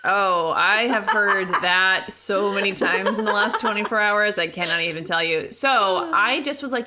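A bright, clear woman's voice in her thirties, hosting a casual podcast at a middle pitch. She rambles comfortably, stacks up filler words and laughs often as she talks. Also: normal speed, hardly any pauses, a little hiss or hum. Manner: chatty, rambling with many "like"s and frequent laughter. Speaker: podcast host.

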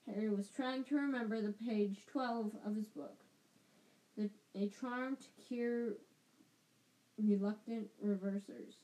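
Slow woman reading a storybook aloud. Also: medium pitch, steady tone, dark tone, low-quality recording. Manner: slow, careful reading with frequent restarts. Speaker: reader of a book. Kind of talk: amateur audiobook reading.

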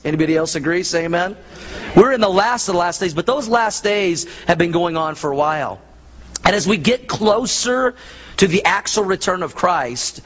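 A man's voice: sits high, a bit bright. A man preaching a sermon as pastor, telling folksy stories and acting out voices in his anecdotes. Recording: dull lo-fi sound.

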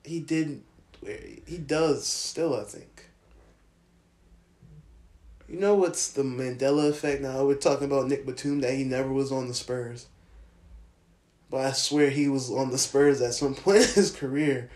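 Man, podcast host, playful, laughs often, slow talker, roomy echo. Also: medium pitch, darkish tone. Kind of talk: casual podcast banter. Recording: echoey room, faint noise.

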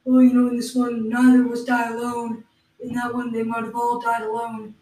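A woman co-hosting an improvised comedy podcast, giving halting, matter-of-fact explanations. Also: a little high, completely flat delivery, warm tone. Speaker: podcast co-host. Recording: roomy, distant mic.

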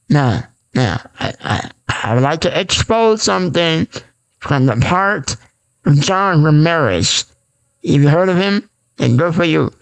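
This podcast host, a man with a high-pitched voice, does an unscripted solo show that feels raw. He rambles and repeats himself, full of fillers and false starts.

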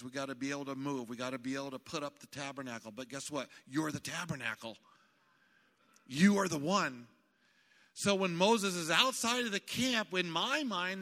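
A male pastor delivers a sermon with animated emphasis and builds to shouts. His tone is bright and a little high. A long reverb trails every phrase through the sanctuary. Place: church sanctuary.

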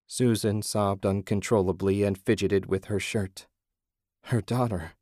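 A low-pitched male narrator reads a story aloud in a measured, low-key manner. The recording is close and dry, with no room sound. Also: steady tone, darkish tone, no room sound. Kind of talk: audiobook narration.

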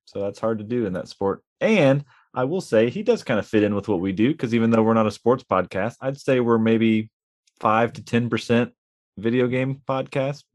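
A man's voice: mid-range voice, moderate pace, a little mellow, no echo. A man co-hosting a casual podcast, adding dry, joking asides. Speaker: podcast co-host.

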